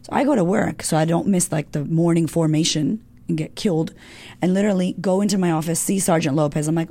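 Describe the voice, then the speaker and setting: A woman's voice: lowish voice, quick pace, gravelly, dark tone. A woman guest in an interview, telling a personal story casually and candidly, swearing often and filling her talk with "like".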